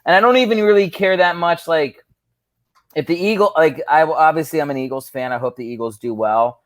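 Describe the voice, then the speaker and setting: A man's voice: a little high, fairly quick, a bit bright, dry recording. A man who is a comedian, guesting on a podcast over a video call, wry and rambling, mocking himself. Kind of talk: casual podcast banter.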